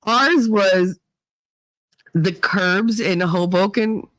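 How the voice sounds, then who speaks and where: A woman from Northeast Pennsylvania hosts a casual livestream and tells stories in a loose, filler-heavy way. She slips into other people's voices when she quotes them. Her voice sits at a middle pitch and the recording is dry and close. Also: very slow, fairly bright tone, no echo, rough recording. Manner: chatty storyteller, many fillers, mimics voices in quotes. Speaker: livestream host reading chat. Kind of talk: casual chat.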